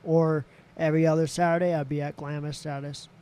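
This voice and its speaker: Candid man telling a story, mellow tone. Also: on the high side, little pitch movement, a little fast, smooth. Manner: candid, swears freely, voices others in quotes. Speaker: podcast guest. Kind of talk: casual storytelling.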